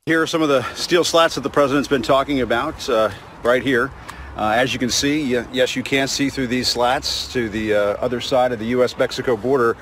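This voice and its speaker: Man, field reporter, halting with fillers, outdoors, faint traffic noise. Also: medium pitch, fairly even intonation, fairly bright tone. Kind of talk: on-location report. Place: outdoors by a highway.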